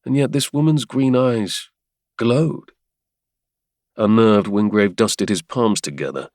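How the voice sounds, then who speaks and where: Low-voiced male audiobook narrator. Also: slow pace, darkish tone, no echo, studio quality. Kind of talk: scripted romance narration.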